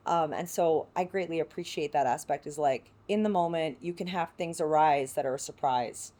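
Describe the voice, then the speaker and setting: An actress from San Diego speaking as a podcast guest, reflective and heartfelt, with many filler words. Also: female voice, low-pitched, moderate pace, dark tone. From San Diego, United States. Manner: reflective, heartfelt, full of "you know" fillers. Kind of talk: podcast interview.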